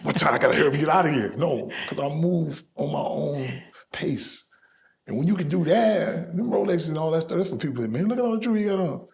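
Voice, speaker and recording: Boastful gravelly middle-aged man. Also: on the high side, fairly quick. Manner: boastful, lively, acts out quoted voices. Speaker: interview guest. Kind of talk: animated storytelling in an interview.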